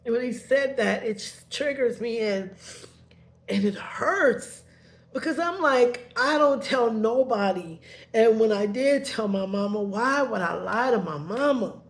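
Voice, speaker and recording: A woman's voice: fairly high pitch, animated, measured pace. A woman telling a painful personal story in a rambling way, heated at first and then subdued, sometimes tearful.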